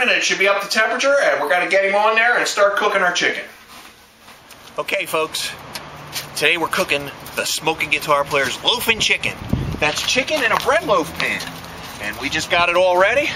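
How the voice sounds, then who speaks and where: A folksy man with a fairly high voice hosts a casual barbecue cooking demo. He jokes and talks straight to the viewers. His voice rings in a roomy space over steady background noise. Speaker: barbecue cook and show host.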